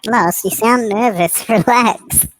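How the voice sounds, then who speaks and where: A woman's voice: a little high, slow, a crowd in the background, rough recording. A woman co-hosting a casual chat, direct and teasing. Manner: direct, teasing, laughs easily.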